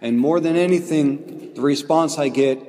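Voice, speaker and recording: A man preaches a homily, his voice sitting slightly high for a man. He tells his story in earnest, slowing down to land each key phrase. The sound rings with a long reverb, like a church. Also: warm tone. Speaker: priest.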